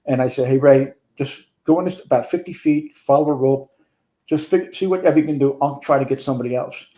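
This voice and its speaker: A man's voice: medium pitch, brisk, dark tone. A man, a retired fire chief telling a long story in a casual interview, rambling with restarts and some swearing. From New York.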